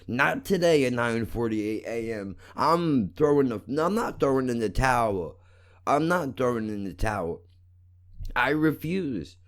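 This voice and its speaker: A man ranting angrily and profanely into his podcast mic at home, repeating himself and swinging between shouting and muttering. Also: medium pitch, lively intonation, measured pace. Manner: loud, repetitive, swearing, swings from shouting to muttering. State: agitated. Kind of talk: angry profane rant. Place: home, living room.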